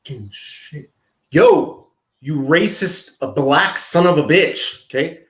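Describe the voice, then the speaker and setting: Slow, mocking man in an echoey room. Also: fairly high pitch, fairly bright tone. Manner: sarcastic, drawn-out, taunting. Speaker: commentary host. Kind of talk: mocking reaction commentary.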